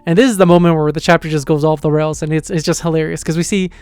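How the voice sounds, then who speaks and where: A man giving a casual, rambling reaction review of a manga, full of fillers and excited retelling. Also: on the high side, fast talker, smooth, no echo, studio quality.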